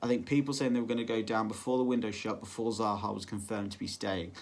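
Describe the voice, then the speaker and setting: A man's voice: on the low side, flat delivery, fast talker, a little hiss or hum. Rambling football vlogger, man. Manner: rambling, filler-heavy, self-correcting. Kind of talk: casual solo prediction vlog.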